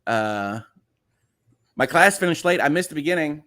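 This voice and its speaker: This livestream host's voice is a little high, expressive, bright, and forceful, at a moderate pace, with a slightly nasal Chicago accent. He casually reads viewer messages aloud and rambles, full of "uh" fillers and restarts.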